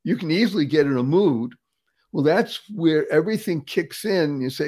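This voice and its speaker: A man's voice: fairly high pitch, expressive, normal speed, a little mellow. A man in his seventies from the Boston area, talking as an interview guest in an emphatic, upbeat motivational style, repeating words for effect and laughing often. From Boston area, USA. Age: 70s.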